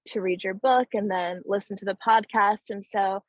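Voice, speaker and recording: A woman podcast guest sharing her journey in a soft, thoughtful way, pausing with ums. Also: medium pitch, fairly even intonation, dry recording, rough recording. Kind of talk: reflective personal sharing.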